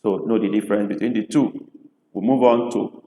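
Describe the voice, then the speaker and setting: Low-voiced Nigerian man, native Igbo speaker, as a patient tutor who repeats each word, in a reverberant room. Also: fairly even intonation, moderate pace, a little mellow. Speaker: language tutor. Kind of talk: teaching pronunciation. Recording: echoey room with long reverb.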